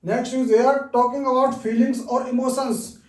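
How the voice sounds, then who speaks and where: Man, English teacher, high-pitched, slow and repetitive delivery for beginners; distant mic in an echoey room. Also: flat delivery, darkish tone. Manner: slow and patient, repeats each example, frequent "okay". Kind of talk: grammar lesson for beginners.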